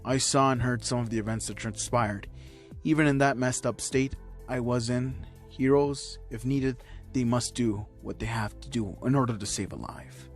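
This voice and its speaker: A man's voice: mid-range voice, normal speed, faint music behind, close to an everyday voice. A man voicing a blunt adult male teacher who speaks curtly. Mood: stern. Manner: blunt, curt.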